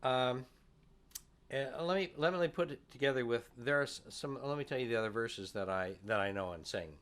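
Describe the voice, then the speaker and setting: A man's voice: mid-range voice, fairly quick, fairly bright tone, clear, resonant tone. A man teaching fiddle at a music workshop, explaining tunes in a folksy, chatty way.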